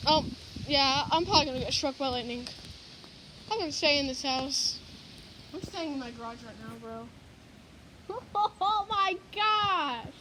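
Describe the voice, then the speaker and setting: Outdoors by a house and later a garage, a woman records a windstorm on her handheld phone amid background noise. Her high-pitched, expressive voice is a little slow with long pauses, as she gives excited, breathless storm commentary packed with exclamations.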